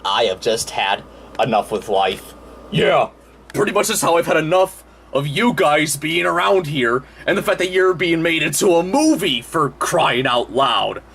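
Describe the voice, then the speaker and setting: A man's voice: on the high side, animated, measured pace, creaky, fairly bright tone, husky, exaggerated voice. A man voicing a grumpy cartoon bird who hosts his own show, rambling hesitantly with lots of ums and restarts. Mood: weary. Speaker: show host. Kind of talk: casual chat.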